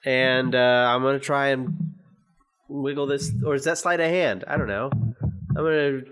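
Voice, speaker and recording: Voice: medium pitch, normal speed, fairly bright tone. A player in a remote tabletop game, joking and teasing the others while playing. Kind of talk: casual tabletop play.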